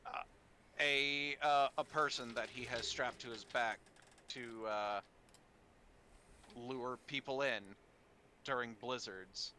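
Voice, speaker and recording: Chill guy dm, slow talker, bright voice, faint hiss behind. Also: medium pitch. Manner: relaxed, chuckling, baby-talks to his cat. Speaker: dungeon master. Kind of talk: running a tabletop game over voice chat.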